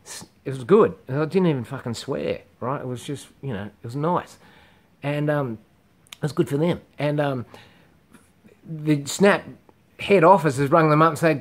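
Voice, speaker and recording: A middle-aged man with an Australian accent vents his grievances in a loose, rambling monologue to camera. His voice sits at an ordinary middle pitch. He swears constantly and sounds blunt and indignant. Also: moderate pace. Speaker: comedian vlogger.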